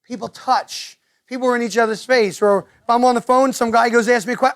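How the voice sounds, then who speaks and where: A man with a New Jersey accent, speaking to parents in a meeting room and telling stories with quick impressions of other people. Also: very high-pitched. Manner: animated storyteller, quick to mimic others. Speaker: guest speaker. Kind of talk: lively talk to parents. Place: meeting room with a live audience.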